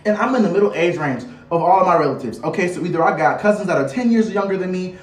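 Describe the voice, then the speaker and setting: A woman in her twenties ranting dramatically to camera, firing loud rhetorical questions and playful slang. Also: on the low side, expressive, fast talker. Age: 20s. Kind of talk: animated rant to camera. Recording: roomy, a bit far from the mic.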